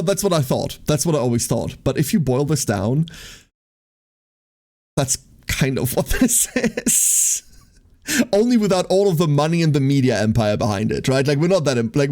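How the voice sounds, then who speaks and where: A man's voice: mid-range voice, darkish tone. A young man livestreaming, venting casually to his viewers in a rambling way, with lots of "like" and swearing.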